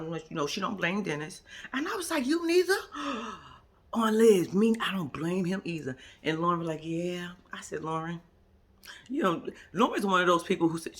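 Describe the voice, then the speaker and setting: A woman's voice: lowish voice, fairly bright tone. A woman giving a casual, sassy spoken recap of a reality TV episode as a vlogger. She acts out what other people said and drops into whispered asides.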